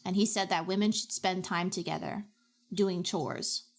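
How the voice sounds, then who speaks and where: A woman streamer chatting casually with her chat while drawing, with dramatic, expressive reactions. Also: on the low side, normal speed, gravelly.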